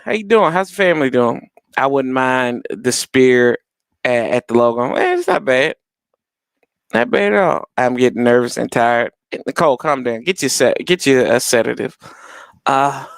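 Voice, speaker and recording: Young male stream host, casual and excitable, lively delivery, dry close mic. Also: medium pitch, vocal fry, clean tone, no echo. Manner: animated, laughs loudly, talks to chat. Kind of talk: casual live-stream watch party chat.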